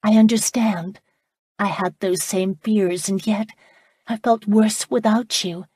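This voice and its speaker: A woman's voice: medium pitch, steady tone, takes it slowly, a little mellow, husky, dry recording, studio quality. Woman voicing a young heroine overcome with love. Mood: joyful.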